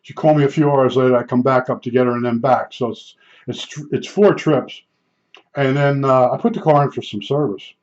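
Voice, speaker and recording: A man's voice: mid-range voice, brisk, a little mellow. An older man telling rambling, blunt stories in a vlog, with frequent restarts. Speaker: vlogger. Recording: dull lo-fi sound.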